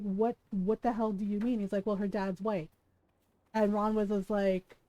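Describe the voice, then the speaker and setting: A woman streaming a video game, chatting casually and telling stories in an animated way, with plenty of swearing. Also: medium pitch, no echo, rough recording. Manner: animated storytelling with frequent swearing and laughter. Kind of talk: casual gameplay chat.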